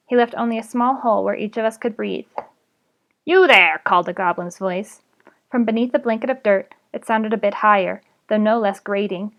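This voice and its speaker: A woman reads a novel aloud to her live audience. Her narration is steady and even, at a middle pitch, and she keeps it plain. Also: lo-fi sound. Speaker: reader streaming a book aloud.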